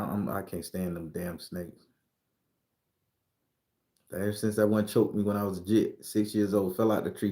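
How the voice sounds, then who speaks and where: A man's low, warm voice carries some reverb as he offers spiritual predictions. His vlog-style delivery is casual, emphatic, and peppered with profanity and frequent laughter.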